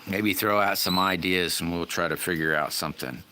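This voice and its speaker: A man with a low voice chats casually with his viewers, rambling in a folksy way and calling people by name. Loud background noise runs under the whole stream. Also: normal speed. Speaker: livestream host.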